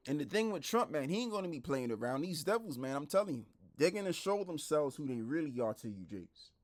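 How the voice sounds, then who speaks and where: A man preaching online, blunt and repetitive, who drops into a lower, quieter voice when he reads scripture aloud. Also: very animated, brisk. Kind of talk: street-style preaching commentary.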